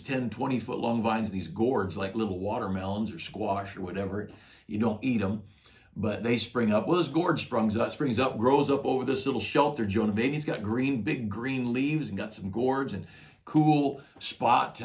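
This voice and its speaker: An older man, a pastor, retelling a Bible story in a folksy, conversational devotional talk. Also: lowish voice.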